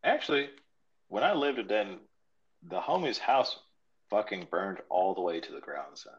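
A man's voice: fairly low pitch, big pitch swings, normal speed, muffled recording. A man in casual chat as a podcast co-host, joking and swearing loosely. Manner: loose, profane, joking banter.

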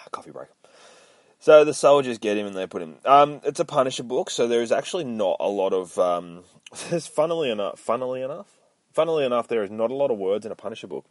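A man's voice: on the low side, lively intonation, a little fast, no echo. A man hosting a casual comic book recap podcast, rambling, swearing a lot and mocking himself. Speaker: podcast host.

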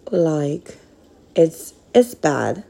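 Slow, gravelly woman podcast host. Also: sits low, dark tone, poor audio. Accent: Northern Minnesotan. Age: 30s. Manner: slow and hesitant, with frequent pauses. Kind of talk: casual solo podcast monologue.

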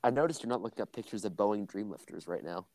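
A man's voice: lowish voice, animated, fast talker, darkish tone, dry recording. A young man in casual podcast chat, teasing and quizzing his friend.

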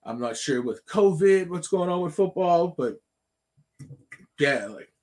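A man in his thirties chats in a casual podcast, his voice sitting a little higher than most men's. He rambles through a long personal story in an animated way, restarting his sentences and swearing freely. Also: measured pace. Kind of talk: casual chat.

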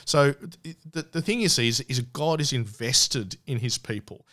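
A man hosting a Bible discussion, talking earnestly and haltingly with many restarts. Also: mid-range voice, a bit bright. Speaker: Bible study host.

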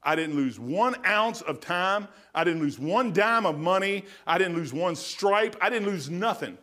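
A man's voice: high-pitched, expressive, measured pace, pushed and bright. A middle-aged man preaching a sermon in a folksy, emphatic storytelling manner.

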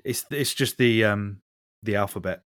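A man's voice: on the low side, normal speed, fairly bright tone, dry recording, studio quality. A man hosting a podcast in casual chat, with sweary, mock-grumpy banter. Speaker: podcast host.

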